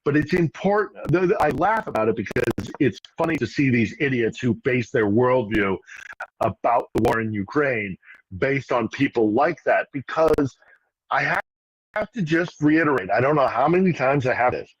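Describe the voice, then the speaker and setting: A man's voice: medium pitch, expressive, moderate pace, husky, poor audio. A man giving casual political commentary on a live stream, rambling with restarts and asides. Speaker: regular guest commentator. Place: in Ukraine.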